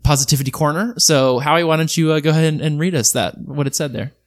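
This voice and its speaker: A man's voice: fairly high pitch, fast talker. Hesitant young man in casual chat. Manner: hesitant, lots of fillers. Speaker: co-host and player.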